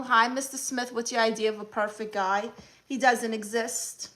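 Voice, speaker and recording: Brooklyn woman, bright and sassy, live-stream host reading chat. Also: fairly high pitch, fairly even intonation. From Brooklyn, New York. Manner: sassy, blunt, quick comebacks. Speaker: comedian hosting a live stream.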